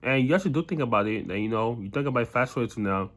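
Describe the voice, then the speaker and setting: A man's voice: mid-range voice, animated, very fast, few pauses, fairly bright tone. A man talking casually to camera about his job, rambling and repeating himself with lots of filler, blunt and exasperated. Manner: rambling, repeats himself with many "you know"s. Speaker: vlogger. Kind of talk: casual monologue.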